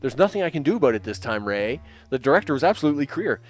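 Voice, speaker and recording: A man voicing a stern male hotel security porter who gives flat, firm orders. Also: very fast, faint music behind. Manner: stern, flat, authoritative, lower-pitched.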